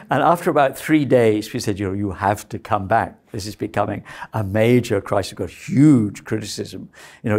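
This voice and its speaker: Chatty male lecturer checking in often. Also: medium pitch. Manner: conversational, checks in with "right?" and "okay?". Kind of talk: university lecture.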